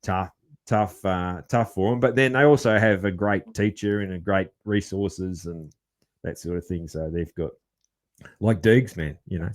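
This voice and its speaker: A man's voice: sits low, unhurried. A man hosting a casual podcast, easygoing and full of fillers like man and mate. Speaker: podcast host.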